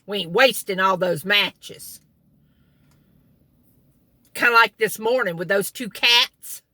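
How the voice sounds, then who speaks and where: A woman's voice: medium pitch, takes it slowly, sharp tone, no room sound. A middle-aged woman telling folksy family stories in a casual vlog, chuckling as she talks, sitting in a car. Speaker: vlogger. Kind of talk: casual storytelling.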